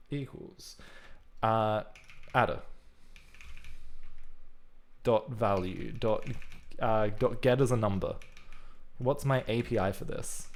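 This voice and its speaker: A man's voice: mid-range voice, a little hiss or hum. A man talking casually through his code on a live stream, thinking aloud as he types. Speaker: programming livestreamer. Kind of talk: live coding commentary.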